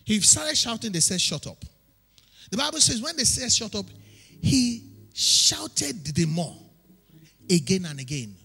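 A woman pastor with a Nigerian accent preaching a sermon, emphatic and often shouting in a chanting preacher's cadence. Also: medium pitch, sing-song, unhurried, creaky, husky. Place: church hall. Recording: long hall reverb with faint music.

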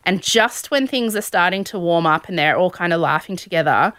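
A woman's voice: fairly low pitch, animated, fairly quick, a bit bright, dry recording, clean studio sound. A young woman hosting a podcast, casually recapping a show with sarcastic asides and acted-out quotes. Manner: sarcastic storytelling, acting out quotes. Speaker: podcast host.

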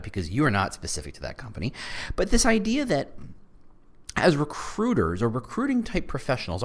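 A man hosting a podcast in a casual, rambling monologue, often breaking off and restarting his sentences. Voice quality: fairly high voice by his own account. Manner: chatty, rambling, self-interrupting. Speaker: podcast host.

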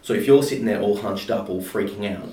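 A man's voice: fairly low pitch, brisk, dark tone. A man talking casually about anxiety, loose and informal, with lots of fillers and some swearing. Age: adult parent of a toddler. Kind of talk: casual chat. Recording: roomy, distant mic with faint noise.

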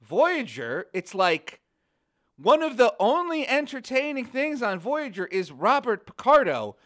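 A man, a comedian guest on a podcast, telling rambling, animated stories in casual chat, with swearing and mocking voices. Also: extremely high pitch, a little slow.

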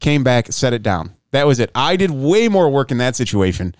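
A man's voice: medium pitch, very animated, moderate pace, smooth, no room sound, clean studio sound. A man co-hosting a casual podcast chat, telling an exasperated story with some profanity. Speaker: podcast co-host.

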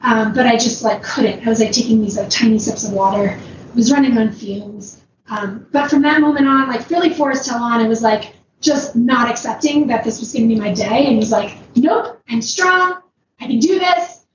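A woman telling a long personal story in a casual, rambling way, with lots of fillers and frequent laughs. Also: fairly high pitch. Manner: rambling, many "like"s, laughs often. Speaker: ultrarunner guest. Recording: roomy, distant, dull, noisy background.

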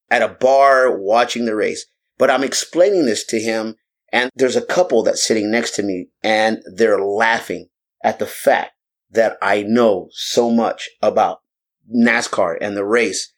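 A man co-hosts a casual podcast chat. He tells a rambling, animated story, full of likes and uhs and restarts. His voice sits at a middle pitch. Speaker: podcast co-host.

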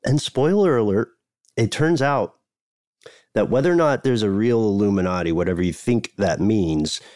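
A man's voice: fairly low pitch, darkish tone, no echo, clean studio sound. A man co-hosting a podcast in casual chat, rambling and often correcting himself. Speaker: podcast co-host.

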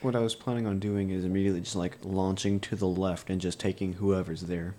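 A man playing in a tabletop game, relaxed and joking. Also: sits low, fairly quick, a little hiss or hum. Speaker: player. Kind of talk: casual tabletop play.

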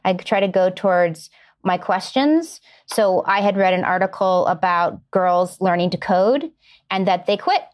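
This is a middle-aged woman speaking as a podcast guest, at an ordinary pitch for a woman. She talks earnestly and unpacks her thinking step by step, leaning on concrete everyday examples. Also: animated, unhurried. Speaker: screenwriter guest. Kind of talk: podcast interview answers.

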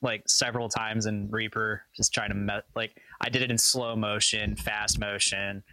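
A man's voice: on the low side, little pitch movement, moderate pace, sharp tone, dry recording, poor audio. A man co-hosting a podcast, chatting wryly and putting himself down in casual banter. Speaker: podcast co-host and sound editor.

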